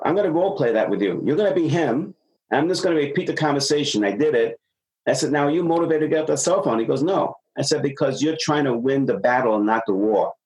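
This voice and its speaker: Heard on a low-quality recording, a man with a mid-range voice offers business advice in a relaxed talk. He's a consultant and an energetic storyteller, acting out each exchange as he goes.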